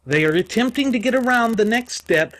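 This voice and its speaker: A man's voice: very high-pitched, lively intonation, brisk, fairly bright tone, poor audio. A man co-hosting a political talk show, speaking emphatically and indignantly with rhetorical questions. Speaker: podcast co-host. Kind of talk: political commentary.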